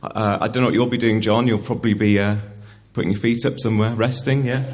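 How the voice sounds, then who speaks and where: A man's voice: mid-range voice, a little fast, few pauses. Man preaching a chatty, interactive sermon. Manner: conversational, gets the congregation to repeat words. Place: church hall. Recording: dull, muffled church recording.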